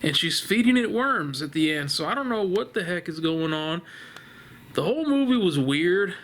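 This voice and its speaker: A man chats loosely about a horror film from his living room couch, wandering off track and swearing bluntly as he goes. His voice sits a little high for a man, and a faint hiss hangs under the home recording. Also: big pitch swings, moderate pace, fairly bright tone. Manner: rambling, laughing, blunt and profane. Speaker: vlogger reviewing a horror film. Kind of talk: casual spoken film review.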